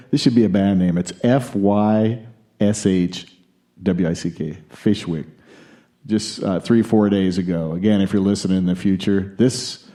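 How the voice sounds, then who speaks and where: A man's voice: lowish voice, warm tone. An American man hosting a podcast in a casual news chat, with jokey, opinionated asides. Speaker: podcast host.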